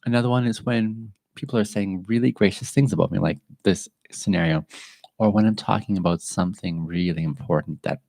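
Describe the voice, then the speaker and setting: A man with a very low voice speaks in an earnest, halting way, pausing and restarting as he reflects aloud on his podcast. He sounds emotional and close to tears. The recording is dry and close, with no room sound. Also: a little mellow, no echo. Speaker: podcast host. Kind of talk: reflective personal monologue.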